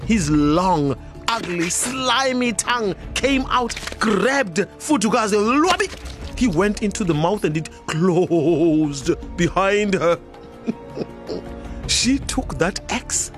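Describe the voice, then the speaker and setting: Playful south african lady telling a folk story, real slow, bit of music behind. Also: mid-range voice, animated. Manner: playful, laughing. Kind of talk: oral storytelling.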